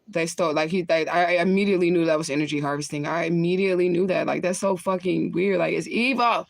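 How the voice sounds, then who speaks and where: A woman's voice: on the low side, dry recording. A woman, a spiritual medium, chatting casually on a livestream, reading viewer comments and talking bluntly with lots of swearing and laughter. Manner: blunt, profane, laughs often.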